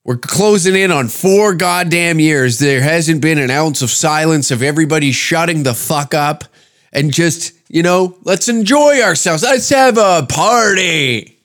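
A man's voice: fairly high pitch, expressive, measured pace, a bit bright. A man hosting a podcast, ranting with heavy swearing and sarcasm in a comedic monologue. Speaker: podcast host. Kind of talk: comedic rant.

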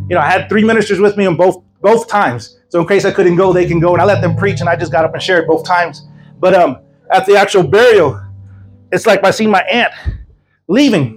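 A male evangelist preaching to a church congregation, telling a story with lively voices for the people in it. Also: high-pitched, rough recording. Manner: animated, acts out voices of people in his story. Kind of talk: sermon storytelling.

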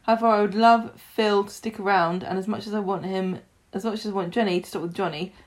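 A woman's voice: mid-range voice, steady tone, quick pace. A woman co-hosting a casual podcast, chatting and reading listener messages aloud. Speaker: podcast co-host.

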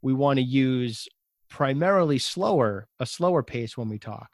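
A man's voice: mid-range voice, expressive, moderate pace, no echo, studio quality. A man hosting a podcast interview, thinking aloud and rephrasing his guest's advice in his own words. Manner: thoughtful, summarizes and rephrases the guest's points. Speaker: podcast host. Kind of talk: conversational interview.

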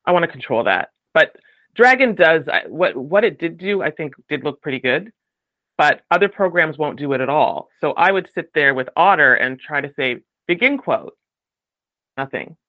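A man chatting as a podcast guest, animated and acting out quoted voices. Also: fairly high pitch, moderate pace, dry recording. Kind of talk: casual chat. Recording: dull, dry lo-fi sound.

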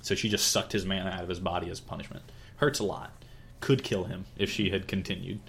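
A young man with a fairly low voice hosts a casual podcast, retelling a plot in a loose, rambling way. He fills gaps with fillers and drops into short quoted voices as he goes. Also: steady tone, a little fast, creaky, fairly bright tone, a little hiss or hum. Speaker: podcast host.

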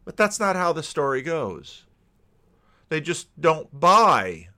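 A man's voice: on the high side, sing-song, slow, sharp tone. A middle-aged man preaching a sermon in a conversational way, often repeating words as he thinks aloud. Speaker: pastor.

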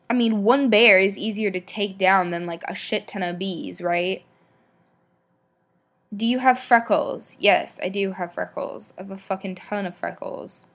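A young woman hosting a podcast, chatting casually and bluntly with lots of swearing, ums and likes. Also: medium pitch. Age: young adult. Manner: blunt, swears a lot, rambling; filler-heavy, many ums and likes. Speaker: podcast host. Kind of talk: casual solo podcast chat.

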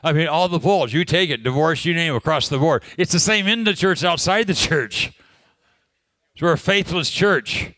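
A man's voice: fairly high pitch, moderate pace, fairly bright tone, no echo. A man preaching a sermon, telling a personal story in a conversational way, laughing often and asking the congregation questions.

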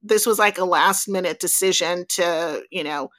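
A woman hosting a podcast who tells a travel anecdote casually, with lots of fillers and lively storytelling. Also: fairly low pitch, moderate pace. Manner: animated, chatty, filler-heavy.

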